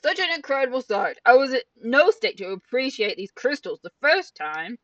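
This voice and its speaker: A woman's voice: fairly high pitch, big pitch swings, normal speed, a bit bright, no room sound, voice pushed up. A woman voicing a brooding, determined young male warrior, reading game dialogue earnestly into a headset mic. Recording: dull, distant, dry, game music behind.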